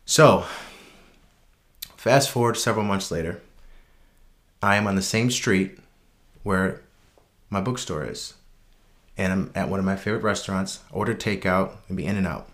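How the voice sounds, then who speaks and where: A man casually telling a personal anecdote, relaxed and unscripted, with frequent ums and restarts, earnest and reflective. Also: deep voice, moderate pace, long pauses. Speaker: storyteller.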